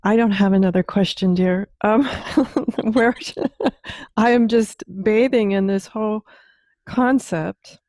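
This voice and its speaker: A woman's voice: medium pitch, slow pace, darkish tone, no echo, studio quality. A woman hosting a podcast, reacting with breathless wows and asking long, rambling questions. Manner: effusive, exclaims wow, asks long rambling questions. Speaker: podcast host. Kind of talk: podcast interview.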